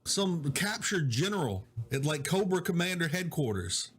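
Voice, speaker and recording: Guy hosting a live stream from his office, kinda high voice, chatty, reading out comments, quiet mic. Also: big pitch swings, moderate pace, husky. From Southwest Louisiana. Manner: chatty, greets viewers and reads out comments. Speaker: digital host. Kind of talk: casual live-stream chat. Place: home office. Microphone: low-volume mic with problems.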